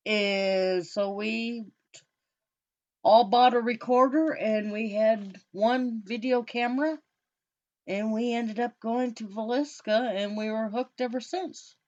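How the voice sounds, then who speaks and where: A woman's voice: a little high, fairly even intonation, takes it slowly, a little mellow. A young woman co-hosting a talk show, telling stories in an easygoing casual chat. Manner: easygoing, storytelling. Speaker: podcast co-host. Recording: dull lo-fi recording.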